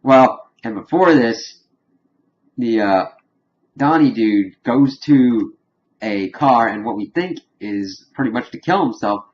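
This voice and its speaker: A man giving a casual, rambling spoiler recap of a TV episode, animated and chuckling as he retells scenes. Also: mid-range voice, takes it slowly, dull audio. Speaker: TV episode reviewer.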